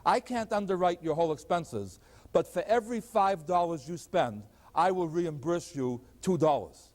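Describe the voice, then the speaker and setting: A man's voice: moderate pace, darkish tone, close to an everyday voice. A man voicing a businessman who makes him a persuasive offer of money back. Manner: persuasive sales pitch. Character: male businessman offering a deal. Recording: long hall reverb.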